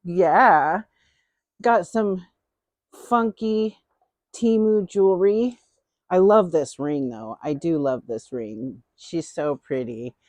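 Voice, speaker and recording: A middle-aged woman hosts her own vlog in an unhurried, playful, chatty way, often saying a phrase twice. Her voice sits a bit low for a woman. The sound is dry and close, with no room echo. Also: darkish tone. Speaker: host. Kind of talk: casual haul vlog chat.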